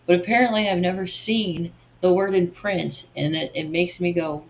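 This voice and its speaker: A woman's voice: fairly low pitch, steady tone, moderate pace, hardly any pauses, lo-fi sound, slight background noise. A woman in her forties co-hosting a livestream, chatting casually over photos, tripping over words and laughing at herself. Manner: self-deprecating, stumbles over words and laughs. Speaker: co-host of a livestream slideshow.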